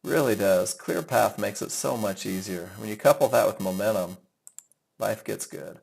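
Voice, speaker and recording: A man's voice: on the low side, moderate pace, creaky, low-quality recording. Upbeat male trading instructor. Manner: enthusiastic, chatty, addresses students by name. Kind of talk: live webinar teaching, reviewing students' trades.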